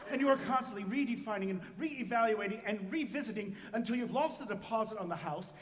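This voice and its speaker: A high-voiced, rambling narrator, played by a man on a live stage, confiding in the crowd with wry asides. The sound is a big echoey theater hall heard from far off. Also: fast talker, close to an everyday voice.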